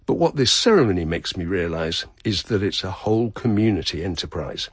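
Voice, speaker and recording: A man narrating a radio feature in a measured, descriptive way. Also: deep voice, sing-song, slightly rough, dry recording, clean studio sound. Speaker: radio reporter.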